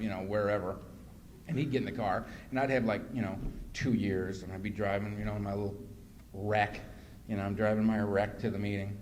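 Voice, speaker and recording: A man giving a personal testimony talk as guest speaker at a recovery meeting, acting out scenes with self-mocking humor. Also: fairly low pitch. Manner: animated self-mocking storyteller who acts out scenes. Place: meeting room. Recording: noisy live room recording.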